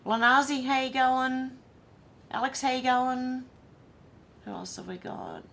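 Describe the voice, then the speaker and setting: A woman's voice: high-pitched, huge pitch swings, measured pace, gravelly, a bit bright, slight background noise. An Australian woman hosting a casual livestream, chatting and reading viewer comments aloud one by one. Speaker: livestream host.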